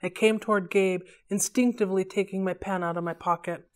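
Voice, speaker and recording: A woman reading a novel aloud for a library read-along, in a steady, clear storytelling manner. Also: mid-range voice, brisk.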